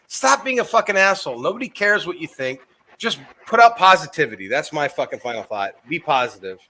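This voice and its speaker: A man chatting casually on his podcast with a very bright, ringing tone. He rambles, swears freely and laughs at his own stories. His voice sits a little high. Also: a little hiss or hum. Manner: rambling, profane, laughing at himself. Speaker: podcast co-host. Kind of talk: casual chat.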